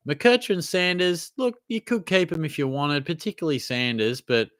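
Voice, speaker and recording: A man's voice: a little high, moderate pace, a bit bright, dry recording, clean studio sound. An Australian man hosting a live question-and-answer stream, talking in a laid-back, chatty way with plenty of slang. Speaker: host. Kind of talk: casual live Q&A chat.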